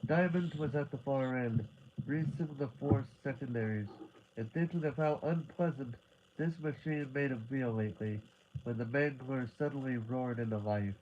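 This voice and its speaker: Man, live horror story reading, middle pitch, steady tense delivery, dull lo-fi audio. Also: normal speed, slight background noise. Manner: steady, building tension, occasional restarts on words. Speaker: reader.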